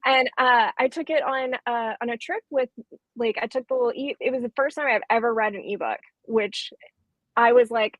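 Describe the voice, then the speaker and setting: A woman's voice: fairly high pitch, moderate pace, no echo, dull audio. A woman bookseller in a casual live-streamed chat, talking in a chatty, enthusiastic way with lots of fillers. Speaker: bookseller co-host.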